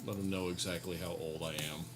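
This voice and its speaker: A man's voice: deep voice, steady tone, a little fast. A man playing a tabletop game, cheeky, swearing often and laughing. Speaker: player. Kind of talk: casual in-character play. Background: background music.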